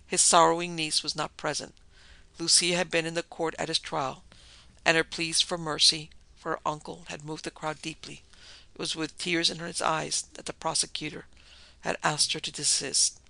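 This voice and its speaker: A man reading a dark tale as narrator in a steady, even way. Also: a little high, gravelly, no room sound.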